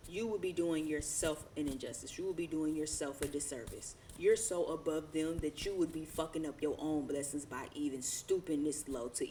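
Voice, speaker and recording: Low-voiced slangy woman tarot reader. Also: a little mellow, a little hiss or hum. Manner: slangy, profane, laughs often, rambling. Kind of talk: casual tarot reading.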